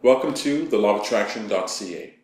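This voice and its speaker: Low voiced canadian guy, motivational speaker, calm storytelling, echoey room. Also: fairly quick. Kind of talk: motivational talk.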